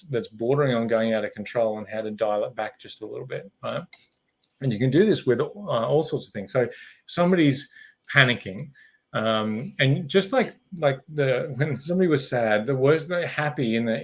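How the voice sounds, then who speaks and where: A middle-aged man, presenting a webinar in a conversational way, acting out quoted speech and often restarting his sentences. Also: mid-range voice. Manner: animated, acts out quoted speech, frequent restarts.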